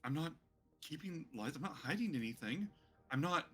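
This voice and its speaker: A man voicing a vain, lounging male noble who talks his way around questions, in a tabletop game played over a soft music bed. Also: medium pitch, normal speed. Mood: defensive.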